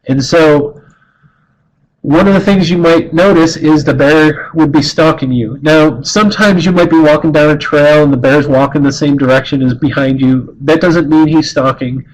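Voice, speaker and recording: A man's voice: a little high, normal speed, a little hiss or hum, low-quality recording. A middle-aged man giving an earnest, conversational talk as a wildlife educator, often restarting and repeating words as he explains. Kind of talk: informal talk on bear behavior.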